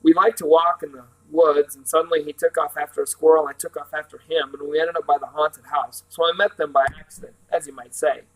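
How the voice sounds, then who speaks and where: A man's voice: fairly high pitch, level tone, quick pace, hardly any pauses, natural voice, poor audio. A man reading precocious little Charles Wallace. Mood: earnest. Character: small precocious boy, matter-of-fact and serious.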